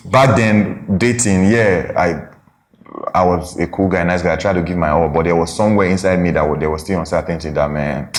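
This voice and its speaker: A young Nigerian man co-hosting a casual chat with his wife, talking slowly and searching for words, often checking "you get?". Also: sits low, steady tone. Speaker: podcast co-host.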